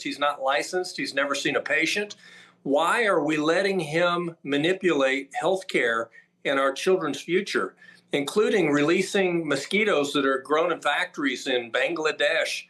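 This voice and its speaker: A man's voice: a little high, a bit bright. A man speaking as a doctor who is an interview guest, emphatic and listing his points one after another with frequent "uh" fillers.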